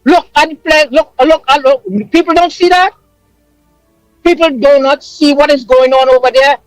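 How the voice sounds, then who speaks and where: A man calling a radio show from abroad, his voice very high and charged with emotion. He hammers his points with repetition, like a preacher, and there's a dry, close sound with faint music underneath. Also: steady tone, moderate pace, dry recording, low-quality recording. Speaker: caller living abroad. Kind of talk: impassioned call-in rant.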